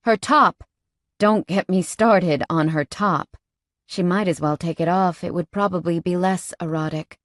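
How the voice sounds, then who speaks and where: Woman narrator, slow measured audiobook read, lowish voice, dry close mic. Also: dry recording. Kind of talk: first-person romance novel narration.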